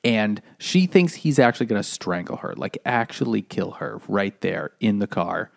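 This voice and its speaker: A man's voice: on the low side, animated, moderate pace, gravelly, no echo, clean studio sound. A man casually retelling a novel's plot on a book podcast, rambling with lots of fillers. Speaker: podcast co-host.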